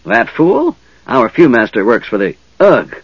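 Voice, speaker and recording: A man voicing a croaking, snarling male goblin soldier in a dull lo-fi recording. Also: mid-range voice, huge pitch swings, measured pace, dry recording, pitched above the performer's own voice, heavily acted. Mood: mocking. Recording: dull lo-fi sound.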